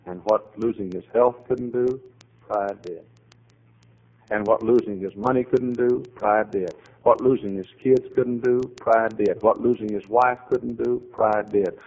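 A man preaching a sermon, telling a story with acted dialogue and swings to loud, high emphatic climaxes. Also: fairly even intonation, unhurried, muffled recording.

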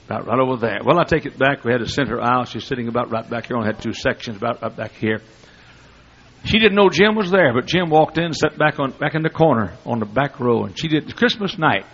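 Husky folksy male preacher. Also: medium pitch, a little fast. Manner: folksy, humorous storytelling with loud bursts. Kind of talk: storytelling sermon. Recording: dull lo-fi recording.

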